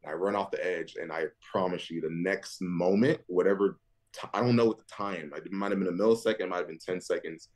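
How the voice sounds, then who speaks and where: A man with a very deep voice tells stories as a podcast guest, full of laughter. He jumps way up in pitch when he quotes people, then settles back low. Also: fairly even intonation, quick pace, a little mellow. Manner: laughs through stories, jumps high when quoting others. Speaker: interview guest, football linebacker. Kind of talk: animated storytelling.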